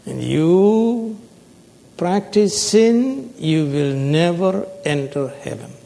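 A man preaching a sermon, slow and emphatic, prompting his listeners with call-and-response questions. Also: high voice, animated, creaky, mellow, a little hiss or hum. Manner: call-and-response, prompting the audience with "what, sir?"; slow, emphatic, stretches key words. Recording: long hall reverb.

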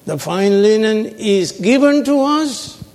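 A man preaching a sermon, slow and emphatic, prompting his listeners with call-and-response questions. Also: sits high, lively intonation, a little mellow. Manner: call-and-response, prompting the audience with "what, sir?"; slow, emphatic, stretches key words. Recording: long hall reverb.

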